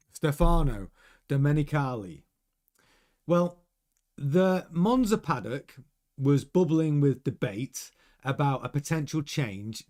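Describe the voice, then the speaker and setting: A man hosting a casual F1 news show, chatty and reading quotes aloud, a little hoarse as he is losing his voice. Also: a little high, a little mellow. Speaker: F1 news host.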